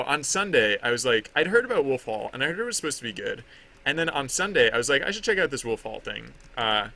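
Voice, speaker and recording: A man's voice: medium pitch, sharp tone. A man chatting casually on a livestream while he draws, rambling with lots of fillers and restarts and laughing at himself. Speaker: artist streaming his drawing.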